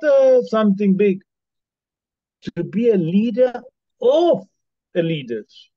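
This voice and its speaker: A man's voice: fairly high pitch, dry recording. A man teaching a Torah lesson as a rabbi, posing rhetorical questions with emphasis in non-native English. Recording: dull lo-fi dry recording.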